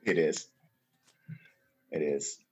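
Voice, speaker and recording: A man co-hosting a podcast, talking in a laid-back, measured way. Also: rumbling low, steady tone, dark tone, breathy edge. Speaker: podcast co-host. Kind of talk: casual chat.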